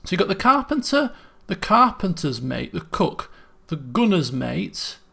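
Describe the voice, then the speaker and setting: A man's voice: sits high, sing-song, measured pace, gravelly, bright, forceful tone, husky. A man, thinking aloud as he streams a puzzle game, muttering guesses and restarting sentences. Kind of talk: casual gameplay commentary.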